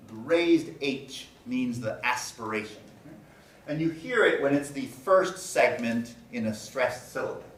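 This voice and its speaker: A man lecturing on phonetics, speaking deliberately and repeating example words to demonstrate sounds. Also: mid-range voice, fairly bright tone. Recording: echoey room, mic at a distance, faint ambience.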